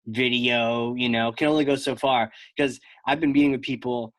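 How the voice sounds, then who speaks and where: A man hosting a podcast in casual conversation, telling animated stories with plenty of fillers and restarts. His voice sits at an everyday pitch. The sound is dry and close, with no room around it. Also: moderate pace, no room sound. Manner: animated storyteller, lots of fillers. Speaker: podcast host.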